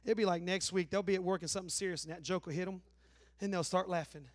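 A man with an Appalachian accent preaching a sermon in a folksy, joking way, swinging between loud preaching and low asides. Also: steady tone, quick pace. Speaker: pastor.

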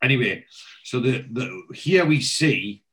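A man's voice: medium pitch, expressive, measured pace, a bit bright. Brief: male podcast host, casual chatty recap, easy mid-range voice. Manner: chatty, storytelling, acts out scenes.

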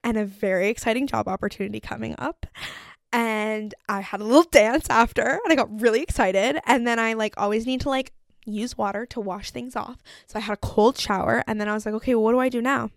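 A woman's voice: on the high side, fairly quick, creaky, dry recording, clean studio sound. A young woman hosting her own solo podcast, talking casually and filling her speech with "like" as she acts out her own thoughts. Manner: chatty, lots of "like" fillers, acts out her own inner voice. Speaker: podcast host.

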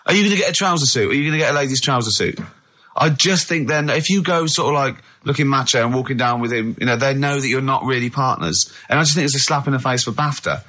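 A man hosting a comedy radio show, teasing his co-hosts and laughing loudly. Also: medium pitch, quick pace. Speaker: radio host. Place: radio studio. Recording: dull lo-fi radio broadcast.

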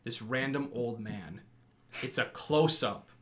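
A young man co-hosts a casual podcast chat, telling stories with animation, acting out quotes, and laughing often. His voice sits in the mid-range and he speaks slowly.

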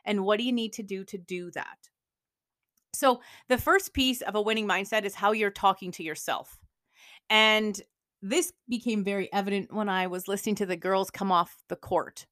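A woman gives a motivational podcast talk in an emphatic, coaching manner. Her voice sits at a middle pitch and sounds dry and close, with no room echo. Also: normal speed, a bit bright. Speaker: podcast host.

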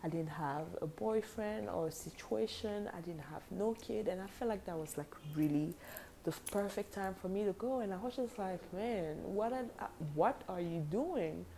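A woman in her twenties casually telling a personal story, animated and slangy, acting out the dialogue. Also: mid-range voice, normal speed, gravelly, slight background noise.

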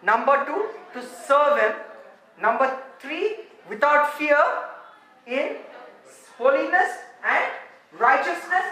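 Emphatic woman preaching in an echoey hall. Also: sits high. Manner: emphatic, repeats phrases, drawn-out shouted quotations. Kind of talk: sermon.

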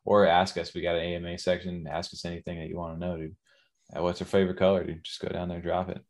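A tired man co-hosts a late-night podcast in a very low, flat voice. His talk is laid-back and slangy, with lots of casual asides to his co-hosts and listeners. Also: fast. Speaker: podcast co-host.

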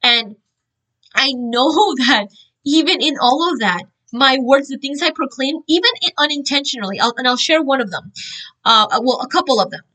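A woman earnestly shares her religious testimony in a high-pitched voice at normal speed, on a low-quality recording. She tells it in an animated, informal way, with frequent fillers and restarts.

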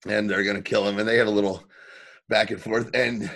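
A man co-hosting a podcast in casual chat, recapping scenes in a profane, animated way. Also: on the low side, a little fast. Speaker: podcast co-host.

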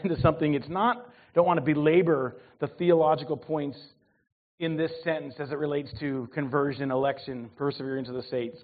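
A man in his forties preaching a sermon with humor, his voice swinging between loud and soft. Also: mid-range voice. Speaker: pastor. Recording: tinny phone-like sound.

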